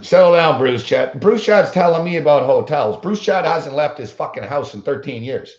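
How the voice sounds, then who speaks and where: A man's voice: fairly high pitch, animated, moderate pace, darkish tone. A man hosting a sports betting show, telling a long story as a blunt, combative rant full of swearing. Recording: roomy, dull lo-fi sound.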